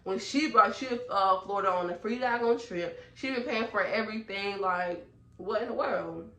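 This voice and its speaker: A young woman, from North Carolina, telling a storytime tale in an animated way full of fillers. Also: medium pitch, normal speed, reverberant, poor audio. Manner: animated, talks her way through the story with many fillers. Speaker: vlogger. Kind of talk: storytime chat.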